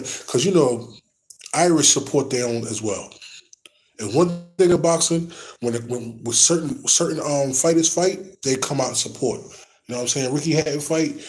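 Male host, casual boxing commentary, animated and slangy, speaks to the audience, ordinary mid pitch. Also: low-quality recording. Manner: animated, slangy, talks straight to viewers. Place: at his workplace.

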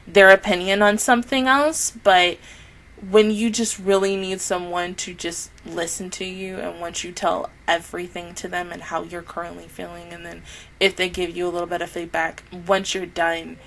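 Earnest, rambling woman with a lowish voice. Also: flat delivery, moderate pace, fairly bright tone, a little hiss or hum, poor audio. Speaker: anime reaction YouTuber. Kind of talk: casual spoken review to camera.

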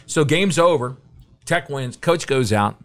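A middle-aged man, a podcast guest, telling a story in casual, animated chat and acting out the quotes. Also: mid-range voice, unhurried.

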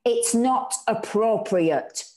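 Woman playing a shrill young mum, high and loud when she pushes back. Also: big pitch swings, a little slow. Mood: shrieking. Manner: shrill, emphatic. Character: young working-class mother, protective, excitable.

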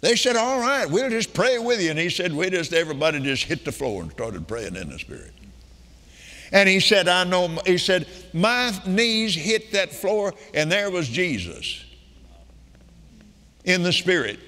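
An older man preaching to a crowd, retelling a story in quoted lines that climb into emphatic declarations. His voice sits high and rings bright. It carries the long reverb of a large meeting hall. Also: very animated, unhurried. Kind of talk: sermon storytelling.

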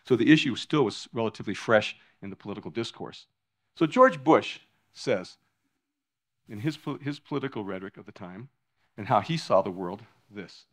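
Animated man giving a public lecture. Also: lowish voice, moderate pace. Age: older. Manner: animated, emphatic delivery with frequent restarts. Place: lecture hall before an audience.

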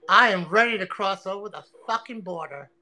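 A woman livestreaming an angry, profane rant, taunting and repeating herself with loud outbursts. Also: medium pitch, fairly quick, low-quality recording.

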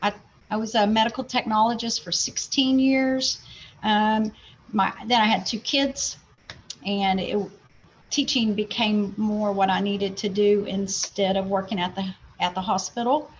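A woman's voice: mid-range voice, fairly even intonation, measured pace. A woman in her forties from Oklahoma with a Southern Oklahoma accent, a health science teacher giving a casual workshop presentation over a video call, laid-back and a little apologetic. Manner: laid-back, apologetic, talks herself through steps. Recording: muffled video-call audio with faint noise.

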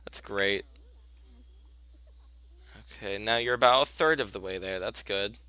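Over soft background music, a young gaming channel host gives relaxed let's play commentary on a life-sim game, addressing his characters and gushing at the cute moments. He speaks in a fairly low, clear, resonant voice at an unhurried pace with long pauses. There's no room sound.

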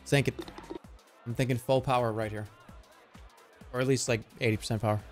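A man's voice: medium pitch, steady tone, fairly quick, soft background music. A man in his thirties giving casual, jokey gameplay commentary as a streamer, often sounding incredulous.

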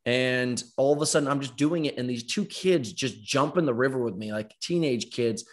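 A man in his thirties telling stories in casual chat as podcast host, animated, acting out other people's voices and swearing freely. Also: medium pitch, moderate pace.

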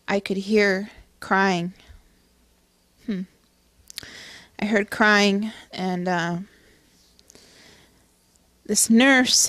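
Middle-aged woman telling her story, earnest and halting, dry close sound. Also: medium pitch, no room sound. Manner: earnest, halting, with many restarts and fillers. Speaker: testimony speaker. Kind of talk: personal testimony storytelling.

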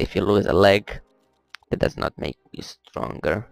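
Male gameplay commentator, low and gravelly, rambling casual delivery, dry close mic. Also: measured pace, dry recording, faint music behind, rough recording. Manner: rambling, muttering, swears at the game. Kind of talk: casual let's-play commentary.

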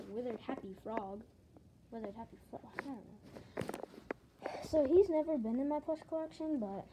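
A woman rambling casually through a show-and-tell vlog at home, often correcting herself as she talks. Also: on the high side. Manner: rambling, chatty, self-correcting. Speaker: collector showing plush toys. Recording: loud background noise with clicks.

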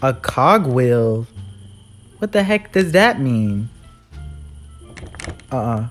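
Jumpy, animated gamer with faint music. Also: mid-range voice, drawn-out words. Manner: jumpy, talks back to the game's villain with sassy jokes; frightened shrieks and repeated exclamations. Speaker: gamer playing a horror game. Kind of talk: live gameplay commentary.

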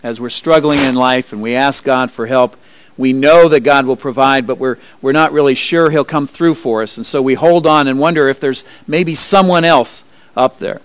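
A man delivers a sermon as a pastor, speaking in a measured, steady way with small restarts along the way. His voice sits in a middle range. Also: mid-range voice, dry recording. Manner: measured preaching with occasional restarts. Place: church sanctuary.

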